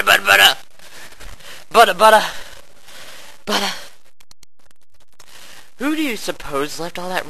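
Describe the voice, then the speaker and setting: A man giving over-the-top, theatrical narration while playing a shooter game, full of shouty bravado. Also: high-pitched, low-quality recording. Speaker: game player. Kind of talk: hammy gameplay narration.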